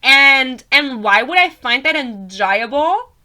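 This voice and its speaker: Girl doing a high-pitched wide-eyed fantasy heroine, bright and incredulous. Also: expressive, slow pace, exaggerated voice. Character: curious young woman in a fantasy romance.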